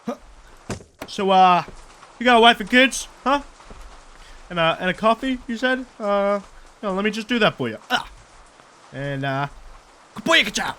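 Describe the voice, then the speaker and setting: A man's voice: sits high, lively intonation, a little slow, pauses often, fairly bright tone, clear, resonant tone. A man doing crude, joking let's-play commentary while he plays. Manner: crude, joking, swears a lot. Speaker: gaming YouTuber.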